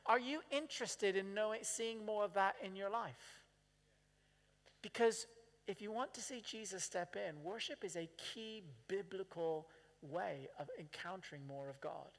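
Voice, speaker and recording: A man's voice: sits high, a little slow, creaky, a bit bright. A man preaches to his congregation in an easy, chatty way. He keeps asking them questions and acting out little quotes. His voice rings with the long reverb of a church hall. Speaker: pastor. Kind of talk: sermon.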